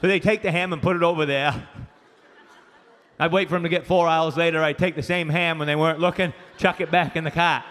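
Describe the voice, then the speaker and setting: A man's voice: on the high side, steady tone, fast talker. A man from Maine with a Maine accent doing a crude stand-up routine, telling stories and acting out people's voices. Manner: loud, crude storytelling with acted-out voices. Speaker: stand-up comedian. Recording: live club recording with long reverb and faint ambience.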